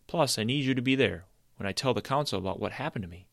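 A man's voice: mid-range voice, lively intonation, fast talker, creaky, no room sound, studio quality, pitched above the performer's own voice. A man voicing an old male wizard cursed into a tree stump, firm and insistent as he explains. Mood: confident.

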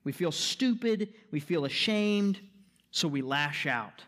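Male pastor, sermon, high voice, emphatic, rhetorical questions, frequent "right?" check-ins. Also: expressive, slow, fairly bright tone.

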